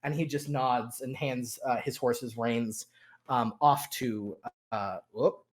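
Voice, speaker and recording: A man's voice: medium pitch, steady tone, takes it slowly. A man narrating a tabletop role-playing game as game master, hesitant and full of fillers.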